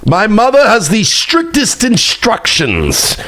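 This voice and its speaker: A man's voice: sits high, huge pitch swings, slow pace, pushed and bright, voice pushed up, heavily acted. A man putting on the voice of a pompous, grandiose man reading his own letter in a mock-regal, overdone way. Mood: mocking grandeur.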